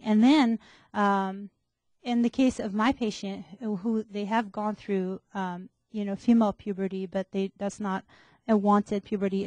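A woman's voice: mid-range voice, a little mellow, no echo. A woman pediatrician speaking at a community forum, earnest and explanatory in a conversational way.

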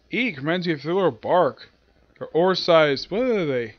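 A young man casually recapping a comic chapter, excited and slipping into quick voices for the characters. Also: on the high side, no room sound, dull audio. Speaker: anime and manga reviewer.

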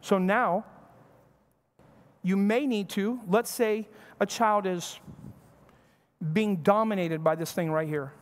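A man's voice: sits high, slow, long pauses. A male pastor preaching a sermon, talking in a conversational way and acting out short bits of family dialogue. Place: church sanctuary. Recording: church hall reverb.

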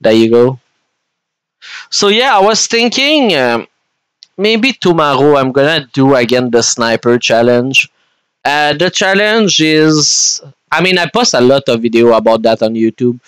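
A man with a French Canadian accent chats his way through a gaming session in an unhurried, drawn-out delivery. His voice is smooth and clean, and it sits close and dry against the mic. He rambles to his viewers between moves. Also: medium pitch, very animated, fairly bright tone, no echo. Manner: rambling and chatty, talks to viewers while playing. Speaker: gaming streamer. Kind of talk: casual gameplay commentary.

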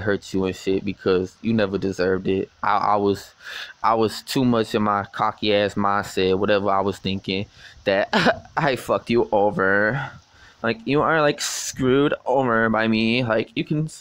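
A man's voice: fairly low pitch, fairly bright tone, no room sound. A young man in casual phone talk who taunts and swears, often stuttering and repeating words. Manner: taunting and profane, with many stammered repeats. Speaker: vlogger.

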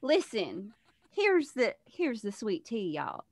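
A woman's voice: a little high, huge pitch swings, takes it slowly, exaggerated voice. Woman putting on a folksy Southern belle. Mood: drawling. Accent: Southern US, put on and sliding. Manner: drawling, endearing terms. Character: sweet-talking Southern woman, folksy and doting.

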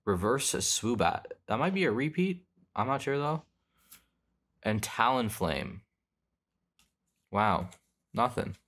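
Opening trading card packs, a young man talks in a sing-song, medium-pitched voice that's slow, a bit bright and broken by long pauses. His commentary is casual, rambling and self-correcting.

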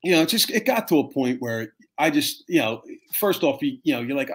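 A fire captain in his fifties telling stories in a casual, animated way, swearing freely and acting out the people in them. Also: mid-range voice, quick pace, hardly any pauses. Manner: animated, profane, acts out voices in his stories. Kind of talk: casual storytelling chat.

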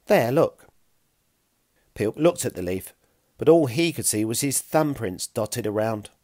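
Man, storybook narrator, playful, lively pitch, dry close mic. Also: moderate pace, no echo. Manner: expressive, playful. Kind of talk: children's audiobook narration.

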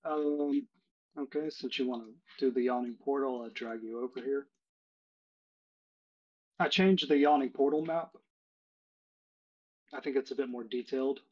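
A man narrating as game master of a tabletop game, explaining things at length with many fillers. His voice is husky and mid-pitched. The audio is dull and lo-fi. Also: fairly even intonation, a little slow, pauses often, a little mellow.

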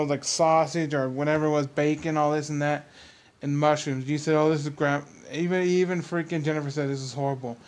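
A young man ranting in a vlog commentary, exasperated and mocking, repeating his points. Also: fairly high pitch. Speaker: commentary vlogger.

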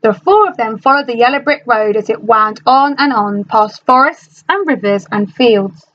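A woman teacher reading a storybook aloud to her class in an animated, expressive manner. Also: fairly high pitch, lo-fi sound.

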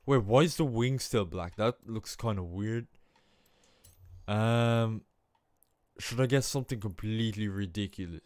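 A young man, a gaming channel host, giving casual gameplay commentary, excitable and self-mocking, often breaking into exclamations. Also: lowish voice, a little slow, pauses often, dry recording. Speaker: gaming YouTuber.

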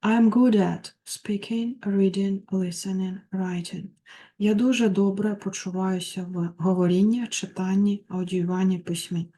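Woman tutor, mellow, reads English then translates. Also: mid-range voice, fairly even intonation, unhurried. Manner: reads English phrases then translates them, with small slips. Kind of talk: textbook walkthrough, reading and translating.

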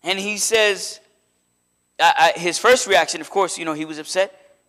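A man preaching a sermon in a church, in a conversational, animated way that slips into acted quotes. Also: sits high, moderate pace. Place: church sanctuary.

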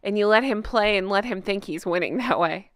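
Smooth-voiced woman, amused commentary. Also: mid-range voice, fairly quick, fairly bright tone, dry recording, studio quality. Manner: amused, laughing often. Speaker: co-host. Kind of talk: casual commentary reacting to social media posts.

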